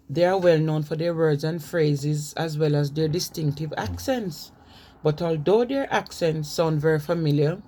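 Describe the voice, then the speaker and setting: A woman's voice: deep voice, mellow. A woman from Jamaica with a Jamaican accent, giving an informal spoken lecture, conversational and reading from notes with frequent fillers. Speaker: presenter on language.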